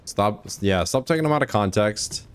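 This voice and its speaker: Game streamer: a man with a lowish voice, casual and joking, rambling as he plays. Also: lively intonation, normal speed, clear, resonant tone. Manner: joking, rambling, laughs often. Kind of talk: casual gameplay commentary.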